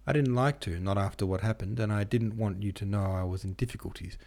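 A man's voice: fairly low pitch, fast talker, darkish tone, natural voice. A man voicing a poor, sickly young woman in an audiobook, her lines sullen and tearfully pleading. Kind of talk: audiobook character voice.

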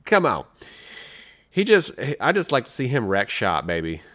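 A man co-hosting a podcast in casual chat, talking in an animated, excitable way with lots of restarts. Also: mid-range voice, moderate pace. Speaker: podcast co-host.

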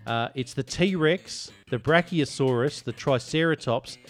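A man's voice: mid-range voice, a little slow, faint music behind. A man hosting a casual podcast, joking and teasing as he reads listener reviews. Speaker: podcast host. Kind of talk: casual chat.

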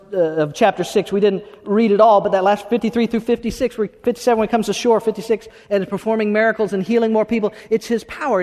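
Animated high-voiced preacher man, hall echo. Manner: animated, conversational preaching with frequent restarts. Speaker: pastor. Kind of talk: sermon. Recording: long hall reverb.

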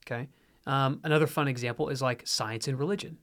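A man's voice: mid-range voice, quick pace, a bit bright. A man co-hosting a Christian marriage podcast with his wife, explaining ideas earnestly with frequent fillers and restarts. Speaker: podcast co-host. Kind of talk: casual faith and marriage podcast talk.

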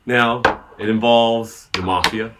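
A man from California co-hosting a casual podcast, laid-back and animated, swearing casually. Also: mid-range voice, takes it slowly, noisy background. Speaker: podcast co-host. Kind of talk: casual chat.

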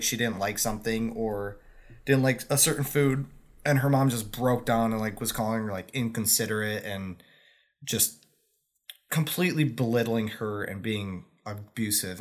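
A man talking casually and earnestly about an anime's characters. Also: lowish voice. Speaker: co-host. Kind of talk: casual anime review chat.

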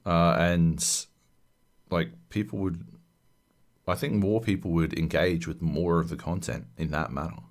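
A man's voice: low-pitched, steady tone, a little slow. A man co-hosting a podcast, giving blunt, sardonic opinions in casual chat with frequent swearing. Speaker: podcast co-host.

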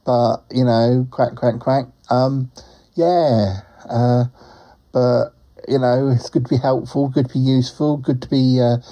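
A slow, rambling talking duck, as a man puts him on, chatty and a bit lonely. He sprinkles quacks through every thought and chuckles at his own jokes. His voice sits low and mellow for a comic podcast bit. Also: lightly acted. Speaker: show regular. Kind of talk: comic character monologue.

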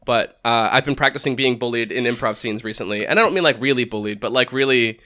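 A man's voice: mid-range voice, fast, sharp tone. A man co-hosting a podcast in casual comedic chat, stammering and laughing often. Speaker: podcast co-host.

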